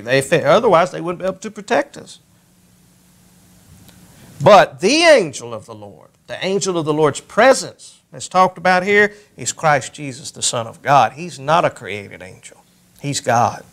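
A male pastor preaching a sermon, lifting his voice when he reads scripture aloud. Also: a bit bright. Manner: rises in pitch and volume when reading scripture aloud.

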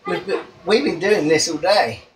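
A woman's voice: lowish voice, moderate pace. A woman talking casually to her pet cockatoo in her bedroom, cooing and praising the bird between asides. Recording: from a distance, faint room hum.

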